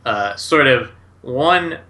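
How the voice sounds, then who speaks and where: A man acting as game master, describing the scene for his players. He talks slowly and loosely, with plenty of fillers. His voice is bright and sharp. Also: mid-range voice, lively intonation. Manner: casual, heavy with fillers and 'like'.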